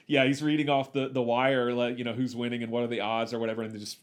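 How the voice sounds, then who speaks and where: A man's voice: medium pitch, level tone, quick pace, smooth. A man co-hosting a movie podcast, talking casually and enthusiastically, rattling off trivia with lots of "uh" fillers. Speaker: podcast co-host.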